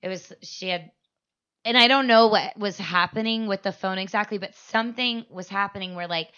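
A woman's voice: medium pitch, moderate pace, pushed and bright, muffled recording. A young adult woman from Arizona co-hosting a comedic podcast, telling crude stories with lots of laughter and acted-out quotes. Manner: crude, storytelling, laughs often, acts out quotes. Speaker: podcast co-host. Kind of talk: casual comedic chat.

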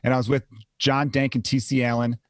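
A man's voice: mid-range voice, flat delivery, a little fast, no room sound, studio quality. A comedian in his thirties, telling rambling stories in a casual podcast chat and swearing freely. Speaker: comedian guest. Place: home.

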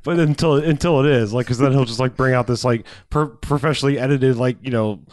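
A man's voice: medium pitch, quick pace, darkish tone, no echo, studio quality. A man in casual chat, recapping a film in a rambling, profane way, laughing often and acting out lines from it.

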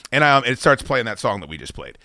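Male podcast host, bright and lively, swears freely, dry close mic. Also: mid-range voice, fast talker, no room sound. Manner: animated, swears a lot, acts out quotes loudly. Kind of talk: casual profane chat.

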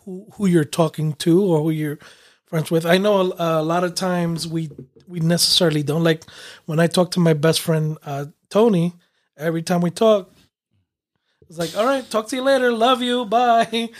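A man's voice: on the high side, steady tone, normal speed, darkish tone. A man co-hosting a podcast, chatting in an easygoing way with lots of fillers and giggles. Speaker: podcast co-host. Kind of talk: casual chat.

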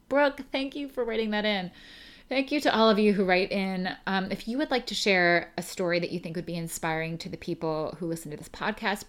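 A young adult woman hosting a podcast, reading a listener email aloud and chatting in a rambling, emotional way, laughing through tears. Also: fairly low pitch. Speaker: podcast host.

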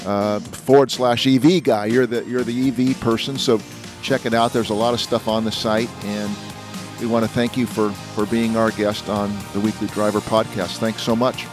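A man's voice: on the low side, level tone, normal speed, music in the background. A male podcast host in casual interview chat, friendly and chatty with hesitant fillers.

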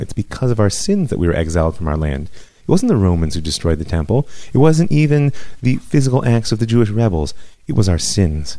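Low, mellow-voiced rabbi lecturing. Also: male voice, sing-song, no room sound. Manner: measured, reflective, with many pauses. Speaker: rabbi teacher. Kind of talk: recorded lecture.

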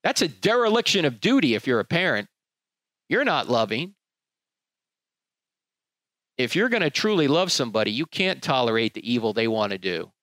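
A man's voice: medium pitch, very animated, normal speed, pauses often, fairly bright tone, no room sound. A man preaching a sermon in an emphatic, rhetorical way, acting out the people he quotes.

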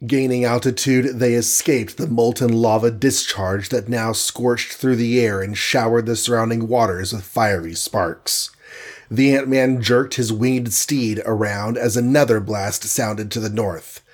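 Guy reading an adventure storybook out loud, steady and dramatic, mid pitch. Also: unhurried. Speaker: narrator. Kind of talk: storybook read-aloud narration.

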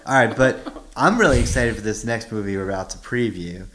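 A man's voice: lowish voice, brisk, fairly bright tone, slight background noise. A man co-hosting a movie podcast in casual chat, teasing and jokey. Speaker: podcast co-host.

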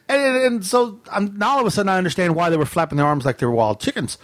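High-pitched animated man telling a story. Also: racing, hardly any pauses, dry recording. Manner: animated, laughs often, mimics screams in a high voice. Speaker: podcast co-host. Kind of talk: casual storytelling.

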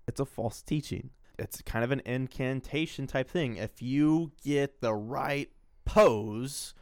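A man's voice: medium pitch, slow, no echo. A man co-hosting as a pastor, explaining theology in a dry, critical way. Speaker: pastor co-host. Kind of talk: podcast commentary.

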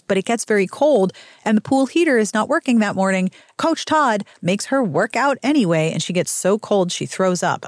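A woman hosts a podcast where she casually recaps a romance novel, reading passages aloud and breaking off into snarky, laughing asides. Her voice is lowish, and the studio-quality recording has no room sound.

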